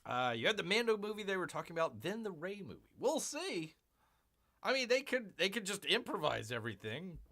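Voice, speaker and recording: Male stream host, upbeat and sharp-toned, chatty news commentary full of fillers. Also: sits high, big pitch swings, brisk. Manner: rambling, many fillers, sarcastic asides. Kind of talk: casual pop-culture news commentary on a livestream.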